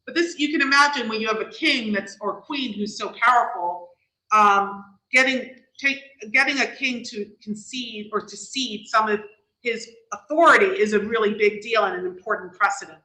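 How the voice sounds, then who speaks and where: Bright-voiced New York woman lecturing. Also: on the high side, moderate pace, echoey room, poor audio. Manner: explanatory, with frequent restarts and fillers. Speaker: guest lecturer. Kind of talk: informal lecture.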